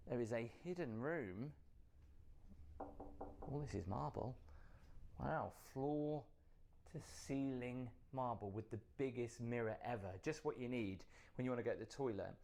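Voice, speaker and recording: A man's voice: medium pitch, vocal fry, darkish tone, a little hiss or hum. A British man streaming a casual tour, chatty and marveling at what he finds. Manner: wide-eyed, marveling, chatty. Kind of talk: casual touring commentary.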